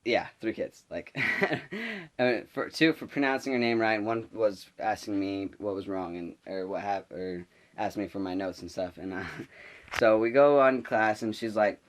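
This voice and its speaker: A man's voice: lowish voice, normal speed. A young man vlogging, telling a school story in a rambling, exasperated way. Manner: rambling, exasperated, lots of fillers. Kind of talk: casual storytelling to camera.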